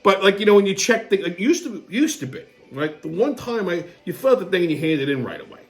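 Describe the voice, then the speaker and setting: A man hosting his own show, telling a story as a comedic monologue, profane and sarcastic, swinging between low muttering and excited outbursts. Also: fast talker. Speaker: host.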